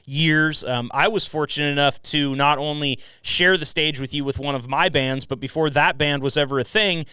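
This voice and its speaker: A man's voice: a little high, normal speed, sharp tone, clear, resonant tone, dry recording. A man hosting his own podcast, chatting casually, joking, swearing and laughing often. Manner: loose, profane and laughing. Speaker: podcast host. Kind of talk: casual chat. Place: home podcast room at night.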